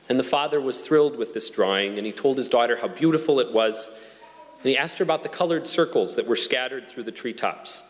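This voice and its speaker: Earnest preacher in a reverberant hall. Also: male voice, medium pitch. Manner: measured, earnest preaching with slow emphatic pauses. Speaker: pastor. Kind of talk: sermon.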